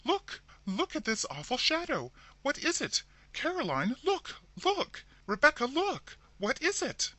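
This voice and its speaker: A man's voice: fairly high pitch, sing-song, moderate pace, sharp tone, dry recording, pitched above the performer's own voice. A man voicing a placid, fussy middle-aged woman who becomes horror-struck and shrieks. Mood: shrieking. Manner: fussy, then shrieking in alarm.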